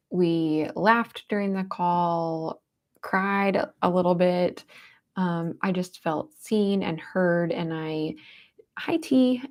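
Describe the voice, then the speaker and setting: Woman on a live chat, low gravelly voice, earnest and tender. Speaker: livestream host. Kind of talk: casual heartfelt live chat.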